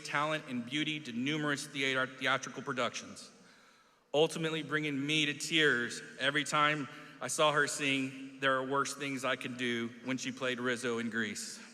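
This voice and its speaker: Male teacher choked up introducing a student, bright tone, echoey hall. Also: mid-range voice. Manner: heartfelt, fighting tears. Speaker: teacher and coach. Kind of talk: introduction speech. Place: large hall.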